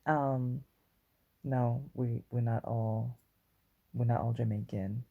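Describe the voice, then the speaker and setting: A woman with a Guadeloupean accent talks slowly in a chatty, wandering way, hosting her own podcast. Her voice is gravelly with a husky edge. The sound is dry and close. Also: extremely low pitch, steady tone, dry recording, narrow, tinny audio. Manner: chatty, rambling, self-aware about being wordy. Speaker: podcast host. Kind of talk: solo podcast chat.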